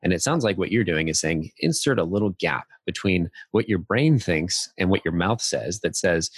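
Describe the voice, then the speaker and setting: Man, podcast host, very low raspy voice, dry close sound, casual. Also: expressive, moderate pace, hardly any pauses, dry recording. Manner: loose, casual, some swearing. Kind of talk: casual chat.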